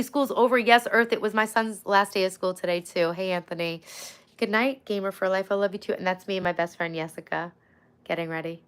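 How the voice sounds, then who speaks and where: A woman's voice: fairly low pitch, a bit bright, clear, resonant tone. Chatty woman in her forties livestreaming. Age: 40s. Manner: chatty, thanks viewers by name. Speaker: livestream host. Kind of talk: casual livestream chat.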